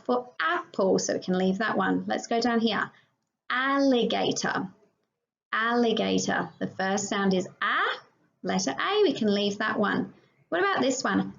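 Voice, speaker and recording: A woman teacher with an Australian accent giving a slow, encouraging phonics lesson to young children, sounding out each letter. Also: a little high, gravelly, fairly bright tone. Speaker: prep teacher. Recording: dull lo-fi sound.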